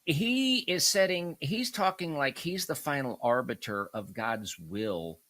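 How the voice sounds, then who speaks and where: A man with a Southern US accent speaks in a bright, forceful voice, and the sound is close and dry. He talks as a guest on a casual talk show, emphatic and indignant in his points. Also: medium pitch, expressive, a little slow, dry recording. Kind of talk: casual chat.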